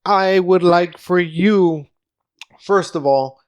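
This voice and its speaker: A man's voice: high-pitched, takes it slowly, smooth, muffled recording. A man from South Texas hosting a comedy podcast, talking in rambling stop-start bursts. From Rio Grande Valley, South Texas. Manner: rambling, stammering restarts. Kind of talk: casual podcast chat.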